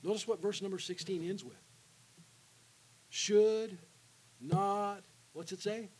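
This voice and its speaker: A man preaching an evangelistic sermon in a church, calling out to the congregation for responses and dropping to a hushed voice for the invitation. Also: high-pitched, fast talker, breathy edge, rough recording. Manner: call-and-response with the congregation, alternating loud and hushed. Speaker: guest preacher. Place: church sanctuary.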